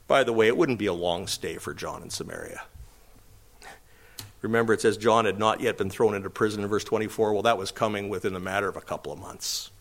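A man's voice: on the low side, fairly bright tone. A man preaching a verse-by-verse Bible teaching sermon, asking rhetorical questions and acting out quoted speakers. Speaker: pastor.

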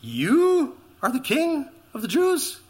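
A man voicing an arrogant, incredulous Roman governor with sneering, high-pitched exclamations. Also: expressive, brisk, sharp tone.

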